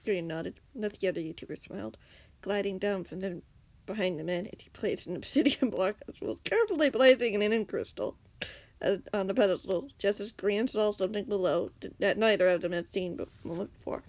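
A woman's voice: mid-range voice, fairly quick, dry recording. A woman reading her own fan story aloud, stumbling and laughing now and then. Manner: reads with slips and giggles, acts out shouted lines. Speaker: fanfiction reader.

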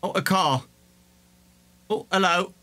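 A man reacting to a horror game as a YouTuber, with slow, wondering commentary and gasps. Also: high-pitched. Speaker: gaming YouTuber. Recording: talking over loud game music.

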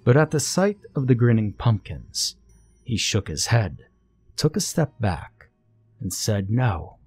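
A man narrating a scary story in a slow, measured storytelling manner. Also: lowish voice, sing-song, darkish tone, breathy edge. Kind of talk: scripted horror narration.

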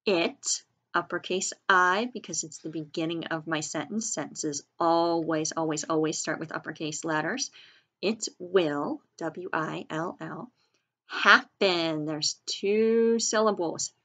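Slow talking teacher lady, breathy bright voice, spells stuff out letter by letter. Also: sits low. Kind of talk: recorded reading and spelling lesson.

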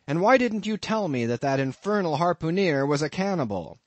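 A man's voice: mid-range voice, very animated, normal speed, no room sound, lightly acted. A man voicing a young male sailor who speaks emphatically and exclaims, as an audiobook character voice. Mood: indignant. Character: young male sailor, anxious then reasoning.

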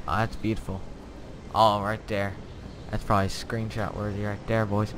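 A young man hosting a casual let's-play, chatty and excitable, with lots of fillers and little laughs to himself, keyboard clicks behind. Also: lowish voice, moderate pace, slight background noise. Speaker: gameplay channel host. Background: keyboard typing and clicking.

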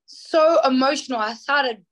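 A young Australian woman talking casually as an interview guest. Her voice sits a bit high, and she chats in a bubbly way, full of fillers, acting out little quotes as she goes. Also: unhurried. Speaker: singer guest.

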